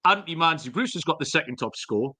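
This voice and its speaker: A man's voice: a little high, lively intonation, fast talker, sharp tone. A man co-hosting a podcast, telling jokey, rambling stories with the odd swear word. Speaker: podcast co-host. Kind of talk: casual chat.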